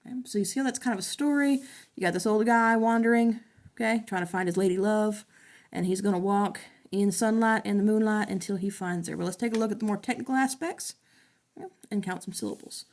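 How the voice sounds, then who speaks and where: Woman teacher with a gravelly voice. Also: medium pitch, darkish tone. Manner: casual, checks in often with "okay?". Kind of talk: recorded class lesson.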